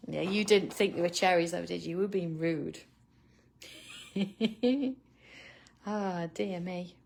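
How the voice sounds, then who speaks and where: A woman's voice: lowish voice, takes it slowly, creaky, darkish tone, slight background noise. A middle-aged woman hosting a live drawing tutorial, chatting casually with viewers by name and laughing often. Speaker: art tutorial host.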